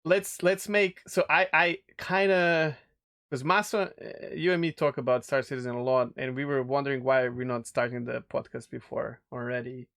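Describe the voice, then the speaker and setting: A man's voice: medium pitch, fairly even intonation, normal speed, gravelly, a bit bright. A man co-hosting a casual gaming podcast, rambling and enthusiastic, laughing often. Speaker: podcast co-host. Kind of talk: casual chat.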